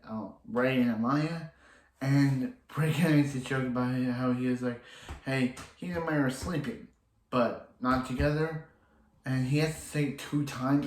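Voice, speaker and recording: A man's voice: mid-range voice, darkish tone, echoey room, low-quality recording. Rambling man recapping a TV episode. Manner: rambling, restarting often, quoting characters in passing. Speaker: TV episode reviewer.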